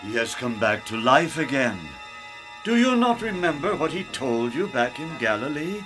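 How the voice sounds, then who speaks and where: A man as a gentle angel herald. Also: mid-range voice, big pitch swings, normal speed, over music, natural voice. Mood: earnest. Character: second angel, calm male herald.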